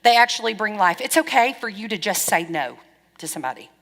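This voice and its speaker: Bright-voiced woman pastor preaching. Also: medium pitch, fast. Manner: lively, frank, wry storytelling with quoted dialogue. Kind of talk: sermon. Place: church hall. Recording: long church-hall reverb.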